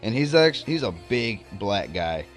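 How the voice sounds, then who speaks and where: A man's voice: fairly low pitch, normal speed, soft background music. A young man vlogging a casual story, rambling and swearing freely as he tells it. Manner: rambling, profane, animated storytelling.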